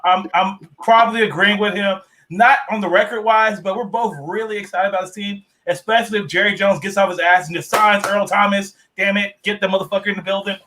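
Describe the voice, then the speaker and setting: A man co-hosting a sports podcast, telling lively stories and swearing casually. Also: high voice, a little fast, hardly any pauses, a little hiss or hum, rough recording. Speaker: podcast co-host.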